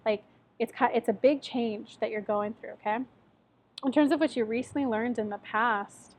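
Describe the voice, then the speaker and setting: A woman's voice: on the high side, moderate pace. A woman giving a casual tarot reading in a chatty, encouraging way, with lots of "like" and "um". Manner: chatty, encouraging, many fillers. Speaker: tarot reader. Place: lives in Tennessee.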